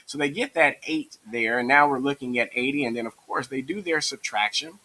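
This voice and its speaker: A male math teacher leads a tutorial lesson with a bright, sharp-edged tone. He walks through each step patiently and keeps the mood encouraging. His voice sits at an ordinary middle pitch. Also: a little fast, low-quality recording.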